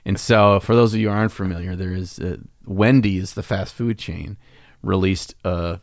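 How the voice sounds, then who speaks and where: A man's voice: low voice, steady tone, normal speed, no echo, clean studio sound. A man co-hosting a podcast, chatting casually in a playful, teasing way and laughing often. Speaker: podcast co-host.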